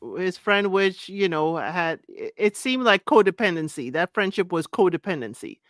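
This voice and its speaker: A co-host in a casual live podcast chat, retelling stories in an emphatic, drawn-out way. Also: mid-range voice, very animated, fairly bright tone, dry recording, studio quality.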